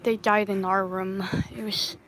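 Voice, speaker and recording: A woman casually recounting a personal story into her phone, halting and restarting often. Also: medium pitch, level tone, a bit bright, slight background noise, rough recording. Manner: halting, with many restarts and pauses. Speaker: storytime vlogger.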